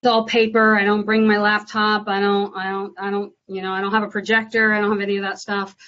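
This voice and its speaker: Woman from Nashville, agent type, loose chatty delivery with many ums, mid-pitched, slightly muffled audio. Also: flat delivery, fast talker. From Nashville, USA. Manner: chatty, filler-heavy, bright and upbeat on calls. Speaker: real estate agent. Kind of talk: live prospecting calls and Q&A.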